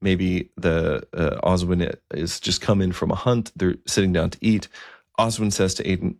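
A man's voice: low voice, fairly even intonation, normal speed, creaky, darkish tone, no echo, studio quality. A man telling a story in a conversational, vivid style. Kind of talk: storytelling narration.

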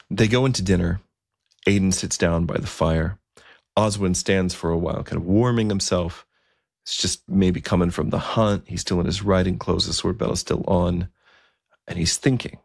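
A man tells a historical story in a relaxed, conversational manner, with easy asides. His voice is very low, with a gravelly fry. The recording is close and dry. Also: moderate pace, no echo.

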